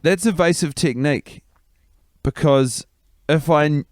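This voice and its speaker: A man co-hosting a comedy podcast, recapping a film scene in an animated, exasperated way. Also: fairly low pitch, moderate pace, no echo, clean studio sound. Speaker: podcast co-host.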